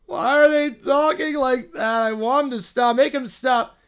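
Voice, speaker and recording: Man doing a pint-sized pampered furry monarch, high-pitched and loud, whining nonstop. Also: measured pace, clean tone. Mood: annoyed. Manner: whining, petulant, demanding. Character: spoiled tiny furry royal creature, whiny. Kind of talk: read-aloud donation story.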